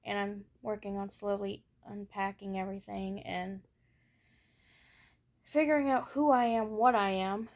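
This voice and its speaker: Hiccuping as she talks, a young vlogger tells personal stories about growing up, candid and a little rambling, full of fillers. She speaks unhurriedly in a mid-range voice with fairly even intonation.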